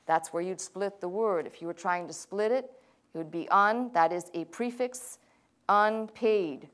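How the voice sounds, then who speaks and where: A woman's voice: medium pitch, fairly bright tone. Woman pastor giving a patient Hebrew lesson. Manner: patient, explanatory, with frequent fillers. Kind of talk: classroom lecture.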